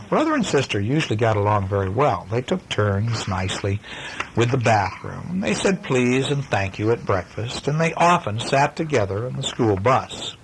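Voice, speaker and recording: Hoarse dad reading a bedtime story. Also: male voice, medium pitch, a little hiss or hum, rough recording. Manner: gentle, chatty, pausing to talk about the pictures. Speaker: father reading to his children.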